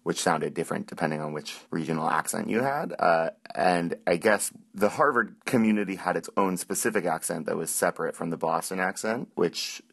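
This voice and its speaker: A man's voice: low-pitched, vocal fry, breathy edge. A man, a newspaper journalist, explaining in a thoughtful, explanatory way during a radio interview. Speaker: journalist guest.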